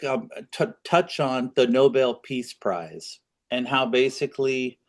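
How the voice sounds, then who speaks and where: A man's voice: medium pitch, takes it slowly. A man co-hosting a political podcast, talking in a rambling, opinionated way with frequent restarts. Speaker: podcast co-host. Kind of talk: casual political chat.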